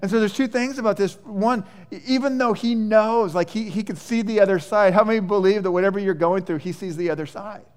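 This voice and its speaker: Male pastor, casual animated sermon, frequent restarts, fairly high voice, echoey church hall. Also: a little fast, few pauses, smooth. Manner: conversational, animated, many restarts and fillers.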